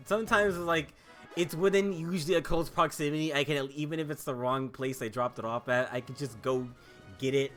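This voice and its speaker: A man chatting casually while playing a game, animated, swearing freely and laughing often. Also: a little high, a little fast, soft background music. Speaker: gaming video host. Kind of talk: casual storytelling over gameplay.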